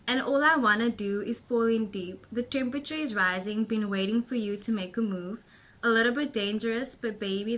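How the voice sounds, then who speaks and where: Young woman, slightly high voice, chatty tarot reading, rambling, breathless. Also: a bit bright. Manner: chatty, rambling, with many fillers and giggles. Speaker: tarot reader and vlogger.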